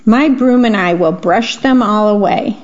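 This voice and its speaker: A woman's voice: medium pitch, a little slow, natural voice. A woman voicing a busy male housefly who loves to sweep, eager and insistent, in a storybook read on the radio. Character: busy male housefly, tireless neat freak. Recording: dull lo-fi radio sound.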